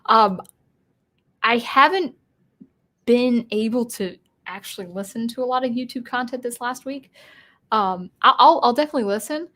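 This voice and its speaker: A woman's voice: a little high, moderate pace, a bit bright. Chatty American woman hosting a live Q&A. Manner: chatty, explanatory, with frequent restarts. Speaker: live-stream host of a music channel. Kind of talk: casual live Q&A, reading viewer comments aloud.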